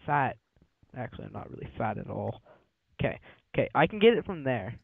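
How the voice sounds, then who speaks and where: A man's voice: medium pitch, big pitch swings, brisk, creaky, breathy edge, no room sound, phone-quality sound. A man swearing and trash-talking his friend in casual banter while playing a game together. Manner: swears a lot, playful trash talk. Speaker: let's play gamer.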